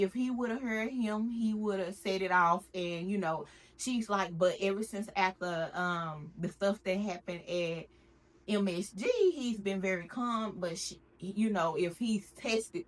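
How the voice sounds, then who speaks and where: A woman runs through a reality-show episode like she's gossiping with friends. Her voice is bright and a little high, and she jumps into the cast's lines with big swings in pitch. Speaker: recap vlogger. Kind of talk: casual TV recap chat.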